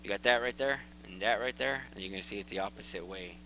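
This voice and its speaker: A man hosting his own video, casually and excitedly talking viewers through photos and repeating himself as he points things out. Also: on the low side, fast talker, slight background noise, poor audio. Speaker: video host. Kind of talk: casual commentary over photos.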